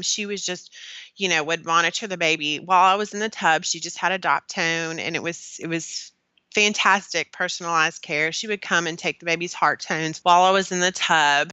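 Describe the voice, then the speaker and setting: A woman's voice: fairly low pitch, pushed and bright, clear, resonant tone, no echo. A young woman telling her own birth story in a casual, earnest way, often saying "like" and "kinda" and restarting her sentences.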